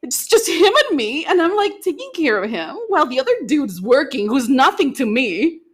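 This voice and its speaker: Young woman cohost, fairly high voice, swoops all over while she acts out her story. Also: normal speed. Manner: animated storyteller, acts out quotes. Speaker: podcast co-host. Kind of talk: casual chat, storytelling.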